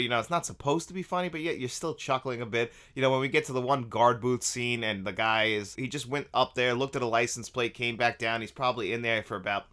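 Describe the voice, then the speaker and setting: A man's voice: mid-range voice, bright, forceful tone. A man from New York giving an enthusiastic, conversational review of a film.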